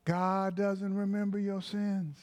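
A male preacher delivers a sermon at a deliberate, unhurried pace. His voice sits a little high, and he leans hard on key words, dropping in short exclamations of praise between points. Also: flat delivery, darkish tone. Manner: slow, emphatic, with interjections of praise.

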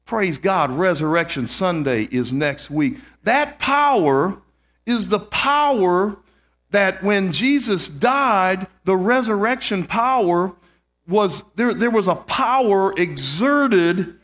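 A man delivers a sermon in a high, slow voice, leaning on key words and repeating them. His pitch swings widely as he builds emphasis and calls out amen to the congregation, often breaking off to restart a sentence. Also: animated, fairly bright tone. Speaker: preacher.

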